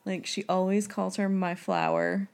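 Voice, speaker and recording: A woman co-hosting a podcast, chatting in a relaxed, casual way. Her voice has a strong gravelly fry. Her pitch sits in the middle, and she drops "like" into her sentences. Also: measured pace. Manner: relaxed, casual, says "like" often. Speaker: podcast co-host. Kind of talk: casual chat.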